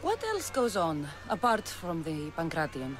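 A woman's voice: sits low, wildly swooping pitch, a little slow, full character voice. An actress playing a determined female Spartan warrior who speaks in a dry, blunt, matter-of-fact way in a video game.

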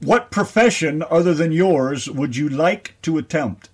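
A man co-hosting a radio interview, reading quick questions and laughing at the answers. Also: a little high, husky. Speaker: radio co-host.

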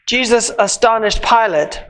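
Reading scripture at a worship service, a church reader keeps a measured, solemn delivery and eases off the pace at the close of phrases. The pitch is medium, and the audio is of poor quality.

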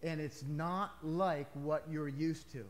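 Emphatic, fairly high-voiced male pastor. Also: steady tone, slow pace. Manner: conversational preaching with emphatic rises and asides. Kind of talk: sermon.

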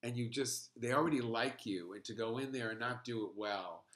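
A man hosting an interview show, chatty and quick to break in with disbelief. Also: mid-range voice, fairly bright tone. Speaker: host. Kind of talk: casual interview chat.

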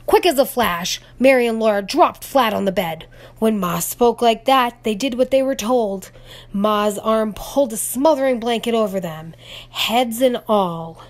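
A woman reading a children's storybook aloud, gentle and expressive, dropping to a whisper at tense moments. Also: on the high side, a little slow. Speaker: storybook reader. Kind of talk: children's read-aloud narration.

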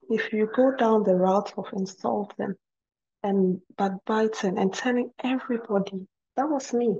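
A middle-aged woman speaks to other wives in an earnest testimony, circling back over her words for emphasis. Her voice is mellow and soft-edged. The recording sounds slightly dull and muffled. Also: mid-range voice. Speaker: guest speaker at a women's ministry program. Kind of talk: testimony and Christian teaching.

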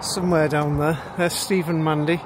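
Male vlogger with a high voice, walking and chatting by a loud road, slightly winded. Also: level tone, moderate pace. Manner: chatty and self-amused, chuckling often. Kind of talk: casual walking vlog chat. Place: outdoors beside a busy road. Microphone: handheld camera, built-in mic. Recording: loud traffic noise outdoors.

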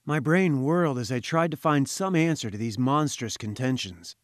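A man's voice: mid-range voice, normal speed, no echo. Man narrating an audiobook, dry sound. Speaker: audiobook reader. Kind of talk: first-person audiobook narration.

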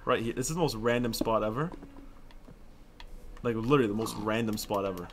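A young man doing casual Minecraft let's play commentary, excitable and swearing often, with sudden loud outbursts. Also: on the low side, a little fast, slight background noise. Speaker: gaming YouTuber.

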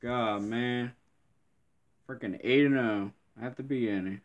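A man's voice: medium pitch, measured pace, lo-fi sound. A man giving live gameplay commentary, grumbling and complaining in frustration with mild cursing throughout.

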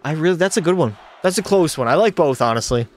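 A man's voice: a little high, expressive, fast talker, faint music behind. A young man streaming a hockey video game, doing hyped play-by-play and answering chat with jokes. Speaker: gaming streamer. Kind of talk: live gameplay commentary with chat.

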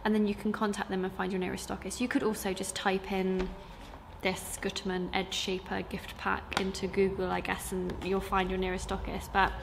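Over a noisy background, a young sewing school owner and teacher gives a casual vlog chat about her week to camera. Her voice is medium-pitched, creaky, and monotone at a normal speed, yet she's chatty and uses lots of fillers.

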